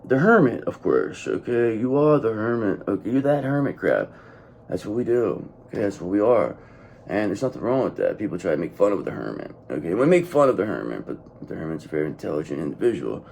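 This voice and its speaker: Gravelly, blunt male tarot reader. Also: on the low side, sing-song, a little fast, a little mellow, a little hiss or hum. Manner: blunt, profane and repetitive, often says okay. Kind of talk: casual tarot reading monologue.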